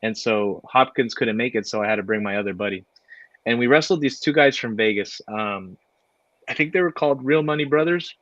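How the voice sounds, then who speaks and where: A man, a guest wrestler, telling stories in a relaxed way, with lots of fillers and laughter. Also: medium pitch, a little fast, no echo. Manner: laid-back, many fillers, laughs while telling stories. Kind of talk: casual storytelling. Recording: dry, dull lo-fi audio.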